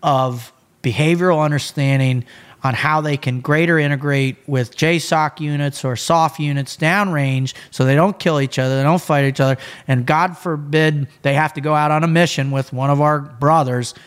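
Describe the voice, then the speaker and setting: A man who is a podcast guest, telling stories in casual chat in a blunt, animated way. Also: on the high side, normal speed, clean tone.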